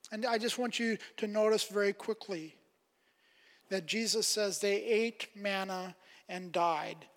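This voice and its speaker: A man preaching a sermon, emphatic, rising on quoted questions and dropping soft at phrase ends. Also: high-pitched, slow pace. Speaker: pastor. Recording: long hall reverb.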